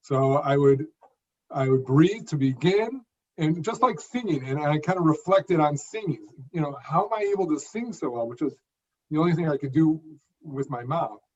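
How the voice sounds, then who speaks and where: Higher-voiced man around sixty, emphatic. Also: lively intonation, moderate pace, a little mellow. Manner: phrased, emphatic delivery with occasional repeated words. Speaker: interview guest, professional speaker. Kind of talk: conversational interview. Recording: dull lo-fi audio.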